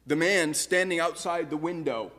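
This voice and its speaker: A man preaching with a slightly higher-pitched voice, posing earnest rhetorical questions to his listeners. His words ring out with a long reverb, as if he is in a large church sanctuary. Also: normal speed, fairly bright tone. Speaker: pastor. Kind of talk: sermon.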